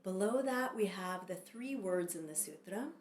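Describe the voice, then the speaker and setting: A woman teaching a yoga sutra lesson, speaking calmly and measured, leading chants. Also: mid-range voice, roomy sound, slight background noise. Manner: calm, slow and measured, with long drawn-out chants. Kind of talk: Sanskrit sutra lesson with call-and-response chanting.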